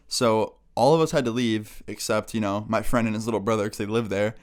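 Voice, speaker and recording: A man's voice: lowish voice, steady tone, brisk. Laid-back young man telling a story. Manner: laughing, swearing, casual. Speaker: vlogger. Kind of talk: casual story time.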